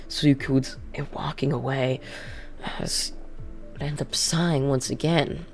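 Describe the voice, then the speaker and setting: A woman's voice: rumbling low, fairly even intonation, a little slow, gravelly, a little mellow, faint music behind. A woman narrating a fan story casually, in a rambling way with many repeated phrases. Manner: rambling, repeats "would end up".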